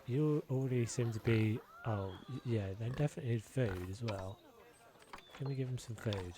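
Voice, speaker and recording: A man's voice: mid-range voice, normal speed, background noise. A man giving casual, self-deprecating commentary as he plays, thinking aloud and muttering to himself. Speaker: gameplay video creator.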